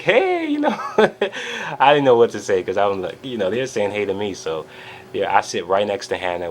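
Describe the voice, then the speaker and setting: A man with a very low voice tells his story in an animated, eager way. He fills it with "you know" and "uh" and acts out each quote. A faint hiss sits under the recording. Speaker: vlogger. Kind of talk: excited personal recap.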